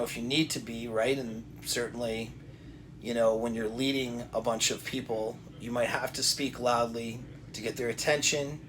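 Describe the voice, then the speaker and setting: A man of middle pitch talks straight to the listener in a coaching monologue. He is deliberate, circles back and repeats his points, and restarts his sentences often. A faint hiss sits under the recording. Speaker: self-help coach. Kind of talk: direct-to-camera advice talk.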